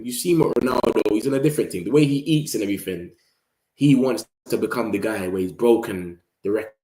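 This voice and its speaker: A man's voice: fairly low pitch, darkish tone, echoey room. A young man with a London accent chatting casually about football to his live audience, slangy and loose, now and then mimicking rival fans. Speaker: football fan channel host. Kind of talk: casual live-stream chat.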